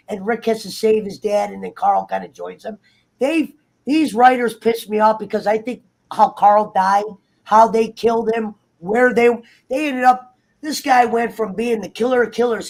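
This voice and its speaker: A man in casual, heated chat, swearing freely and acting out characters in quick asides. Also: high voice, vocal fry. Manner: profane, animated, acts out characters in quick asides. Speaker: guest on a TV review talk show.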